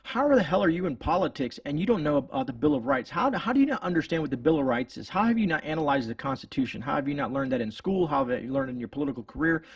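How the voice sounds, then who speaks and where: A man's voice: on the high side, expressive, fast, few pauses, husky, no room sound, far from the mic. A man hosting his channel, giving indignant, rambling political commentary with many restarts. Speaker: homestead channel host.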